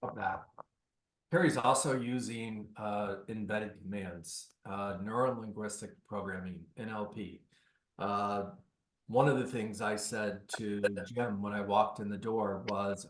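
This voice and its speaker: A man's voice: lowish voice, steady tone, unhurried, echoey room. A man leading a real estate coaching session on a video call, giving direct, instructive advice.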